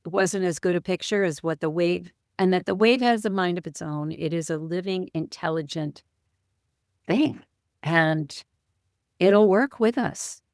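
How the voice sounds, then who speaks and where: A woman's voice: fairly low pitch, measured pace, darkish tone, dry recording. Woman telling a vivid story, dry sound. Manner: clears throat now and then. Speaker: spiritual teacher, guest. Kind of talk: personal storytelling in an interview.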